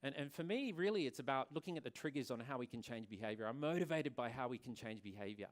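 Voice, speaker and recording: A man speaks to a conference audience about the salon he runs. His voice sits at a medium pitch, and he sounds earnest. He often stumbles over words, repeats them, and starts his sentences again. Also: expressive, fast talker. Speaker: salon owner and presenter. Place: conference venue.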